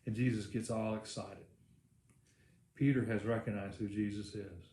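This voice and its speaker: A man's voice: fairly low pitch, flat delivery, moderate pace, warm tone. A male pastor preaching a sermon, telling the story in a casual, rambling way with many fillers. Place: church. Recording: echoey church room.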